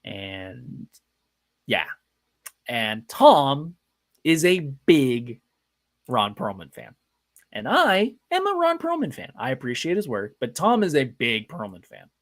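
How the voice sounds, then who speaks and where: A man's voice: medium pitch, huge pitch swings, slow pace, pauses often. A man hosting a live podcast, telling casual, anecdotal stories in a chatty, self-deprecating way. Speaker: podcast host.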